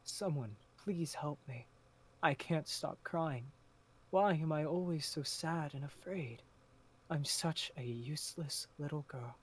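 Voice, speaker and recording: A man's voice: on the high side, slow pace, slightly rough. A man voicing a frightened, lonely little girl in a told story, tearful and self-pitying.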